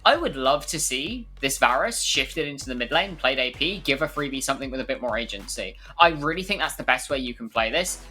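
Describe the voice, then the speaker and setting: A woman giving emphatic, rapid-fire live esports analysis. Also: rumbling low, expressive, pushed and bright.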